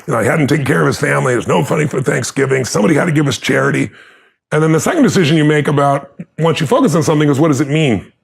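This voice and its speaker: A man with a gravelly, rough-edged voice tells his story in an earnest, emphatic way. His tone sits a little high for a man, and there is a husky rasp under every phrase. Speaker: guest telling life story. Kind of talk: motivational storytelling.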